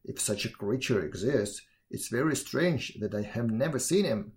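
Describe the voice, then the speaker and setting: A man voicing a big, slow, gullible male bear in a storybook reading, in a gruff, blustering manner. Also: mid-range voice, expressive, a little mellow, close to an everyday voice. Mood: gruff, doubtful.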